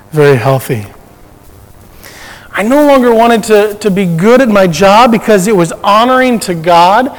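A man's voice: high voice, long reverb tail, rough recording. A man sharing a personal faith testimony in a conversational storytelling way, often restarting his sentences.

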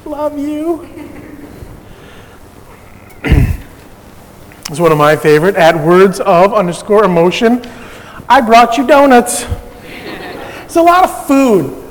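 High-voiced pastor preaching in a hall. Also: male voice. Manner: conversational preaching with light humor. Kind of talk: sermon.

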